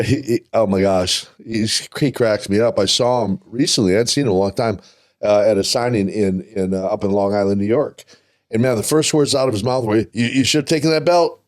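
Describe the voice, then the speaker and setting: An older man from Minnesota, a podcast guest telling stories in a casual, animated way, often repeating words and laughing. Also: lowish voice. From Minnesota, USA. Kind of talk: casual storytelling interview.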